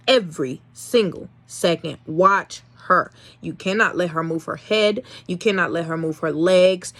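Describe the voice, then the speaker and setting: A young woman breeder telling a casual vlog story in an animated, exasperated way, swinging between loud and soft. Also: on the low side. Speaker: dog breeder.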